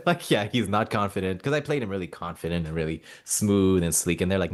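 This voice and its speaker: Deep-voiced man telling stories. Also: brisk, hardly any pauses. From Mauritania. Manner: animated anecdotes, acts out quoted dialogue. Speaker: actor, guest. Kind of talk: casual interview storytelling.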